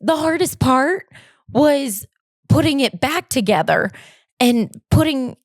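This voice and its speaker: A high-pitched woman with lively intonation speaks slowly in a dry, clean studio recording. She's a podcast co-host hosting alone, delivering a rambling, candid, self-deprecating personal monologue in a casual way while holding back emotion.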